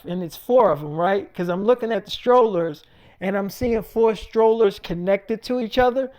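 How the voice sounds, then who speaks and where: A man's voice: high-pitched, moderate pace, a little mellow. A man telling a rambling freestyle story in casual slang.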